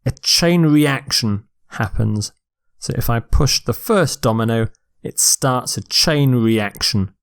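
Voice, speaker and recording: A man teaching a recorded vocabulary lecture, speaking slowly and deliberately and stressing syllables clearly. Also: mid-range voice. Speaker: English teacher.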